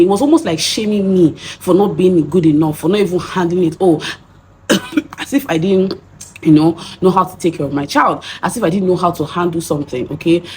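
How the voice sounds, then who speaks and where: A woman's voice: lowish voice, a little mellow, a little hiss or hum. A young Nigerian woman with a Nigerian accent, telling a story in a chatty vlog and acting out the voices she quotes. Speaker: vlogger.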